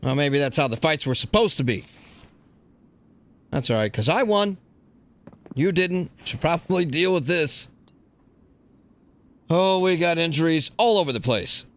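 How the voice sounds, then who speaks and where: A man's voice: on the high side, expressive, unhurried, long pauses. Rambling, crude male gaming host. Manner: rambling, crude, jokey, talks to himself. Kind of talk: casual let's play commentary. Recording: loud game sounds behind.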